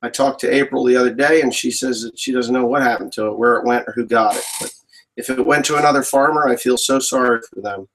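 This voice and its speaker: A man's voice: medium pitch, steady tone, quick pace, fairly bright tone, slight background noise, rough recording. Chatty rambling farmer man. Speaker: farmer answering viewer questions. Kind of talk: casual live Q&A chat.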